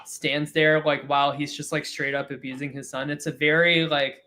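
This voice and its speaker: A man co-hosting a podcast, summarizing a TV episode in a steady way with hesitant fillers. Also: fairly high pitch. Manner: measured recap with hesitant fillers. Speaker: podcast co-host. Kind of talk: casual TV recap chat.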